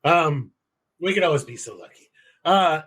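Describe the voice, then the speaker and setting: Profane rambling man, a bit high. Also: lively intonation, normal speed, fairly bright tone, husky. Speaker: podcast co-host. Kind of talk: casual profane chat.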